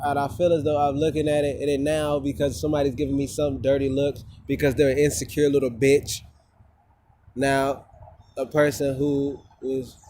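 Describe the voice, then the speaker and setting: A man's voice: mid-range voice, a little mellow, a little hiss or hum. A man talking casually to his phone camera outdoors, rambling and profane, often repeating himself. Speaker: vlogger.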